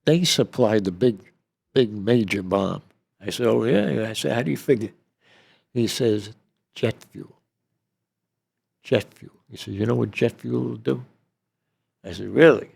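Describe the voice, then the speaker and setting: Gravelly low-voiced older man. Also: unhurried, pauses often, darkish tone. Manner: rambling, peppers talk with "okay?" and "you know". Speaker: interview guest. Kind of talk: storytelling.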